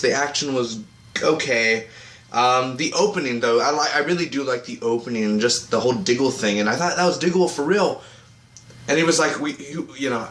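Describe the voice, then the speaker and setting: A man giving a casual, rambling vlog review of a TV episode. He often breaks into quick mocking voices for the characters. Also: mid-range voice, fairly bright tone. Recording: echoey room with faint ambient noise.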